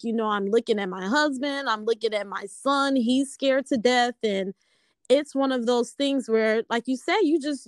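An earnest woman with a fairly high voice speaks in a casual conversation. She takes her time, with fillers and self-corrections. Her sound is dry and close to the mic. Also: dry recording.

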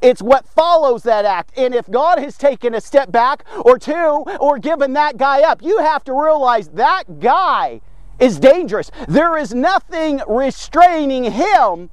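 An extremely high-pitched male voice with big pitch swings and a measured pace, recorded with no echo, belongs to a devotional preacher. His sermon is emphatic, and he keeps checking in with listeners through "okay?" and "watch this."

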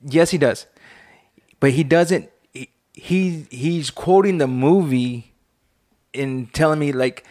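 A young man in halting, rambling casual chat, searching for words. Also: mid-range voice, a little mellow, no echo, studio quality.

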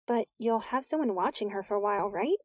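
A woman's voice: mid-range voice, expressive, darkish tone, lo-fi sound, natural voice. A woman narrator voicing an anxious, emotional teenage girl who talks in heated, pleading bursts. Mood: worried. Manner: heated, pleading, quick to self-pity.

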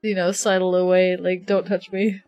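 A woman's voice: fairly low pitch, flat delivery, normal speed, a little mellow, no echo, highs cut off. A woman playing a tabletop game, speaking hesitantly with frequent stammers. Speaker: tabletop player.

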